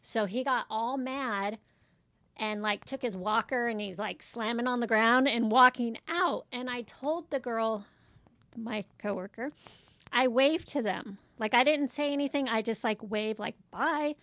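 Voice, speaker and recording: Blunt, higher-voiced woman telling work stories. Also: unhurried, a bit bright, no echo. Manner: blunt, exasperated storytelling acting out dialogue. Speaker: medical office front desk worker. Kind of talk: casual chat.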